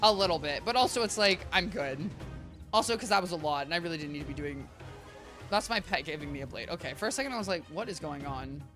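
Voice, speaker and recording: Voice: mid-range voice, expressive, quick pace, music in the background. A young adult game streamer in casual gameplay commentary, rambling and chatting to viewers with lots of filler. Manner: rambling, talks to chat, heavy use of "like" and "guys".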